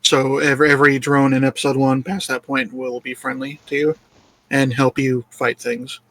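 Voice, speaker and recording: Bright-voiced joking game developer man. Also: medium pitch, level tone, moderate pace, a little hiss or hum. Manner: jokey, self-deprecating, laughs often. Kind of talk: casual interview chat.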